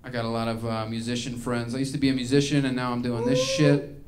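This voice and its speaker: A man's voice: medium pitch, level tone, fast. A man performing a live stand-up set in a small venue, ranting and rambling with plenty of profanity. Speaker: stand-up comedian.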